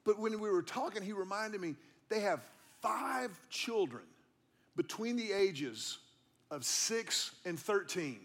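A man's voice: high-pitched, expressive, slow, a bit bright. A middle-aged man, a pastor, preaching a sermon in a church in a conversational, storytelling way, repeating key lines for emphasis. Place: church auditorium.

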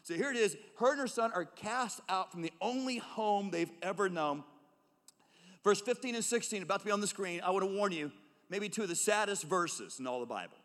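A man preaching a sermon as a pastor, swinging between loud emphatic calls and hushed, low tones. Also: animated, fairly quick. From United States. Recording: long reverb of a large hall.

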